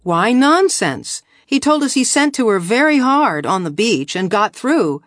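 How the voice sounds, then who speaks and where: An earnest alien colonist argues a point with calm conviction, voiced by a woman reader. The tone sits a little above her reading voice. It is recorded dry and close. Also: a little high, unhurried, no room sound, voice pushed up, heavily acted. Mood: earnest arguing.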